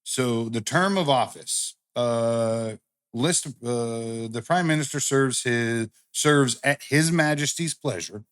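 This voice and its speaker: A man with a middle-pitched voice jokes crudely as a podcast co-host. He swears freely and often breaks into laughter between his lines. He talks loosely, like casual banter with a friend. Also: slow, fairly bright tone, clear, resonant tone. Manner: profane, joking, breaks into laughter.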